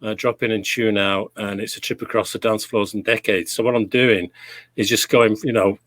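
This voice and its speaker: A man's voice: fairly low pitch, fairly even intonation, moderate pace, fairly bright tone. A middle-aged man with a Canadian accent, a DJ reminiscing in casual chat over a video call, rambling with many restarts. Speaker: DJ guest.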